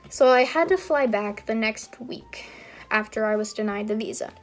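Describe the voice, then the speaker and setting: Chatty and rambling, a young adult woman tells a personal story on her vlog, with frequent ums and likes. She speaks on the high side at a moderate pace, and faint music plays behind her.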